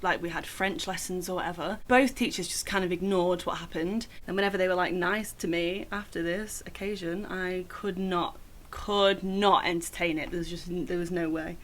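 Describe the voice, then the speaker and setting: A woman's voice: on the low side, steady tone, normal speed, fairly bright tone. A young woman telling a personal story in a casual vlog, chatty and full of "like" fillers. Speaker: vlogger.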